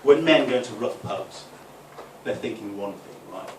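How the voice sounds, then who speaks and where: Chatty stand-up comic in an echoey room. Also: male voice, fairly low pitch, expressive, moderate pace. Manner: rambling, conversational, with restarts and "right?" asides. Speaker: stand-up comedian. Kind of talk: live stand-up set. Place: football club function room, live audience. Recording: echoey room from far off, noisy.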